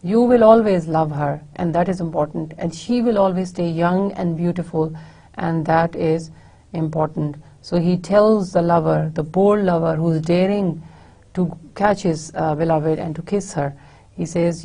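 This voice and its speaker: A woman lecturing on a poem, reading lines aloud and explaining them slowly, often repeating and rephrasing herself. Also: lowish voice, gravelly, warm tone. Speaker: university lecturer. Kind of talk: poetry lecture.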